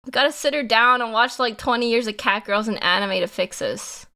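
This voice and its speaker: A young woman streamer chatting casually with her viewers, giggly and animated, laughing often. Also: a little high, a little fast. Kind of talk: casual live-stream chat.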